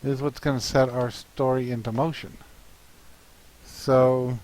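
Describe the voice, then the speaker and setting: A comic artist thinks aloud while planning a comic, musing hesitantly with many pauses and fillers. His mid-range voice has little pitch movement and a darkish tone, and the recording quality is low.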